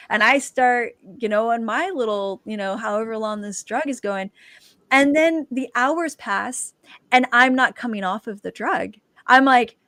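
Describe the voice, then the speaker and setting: A woman, a dancer and author, telling her personal testimony as a guest and lively acting out the quoted dialogue. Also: fairly high pitch, no echo.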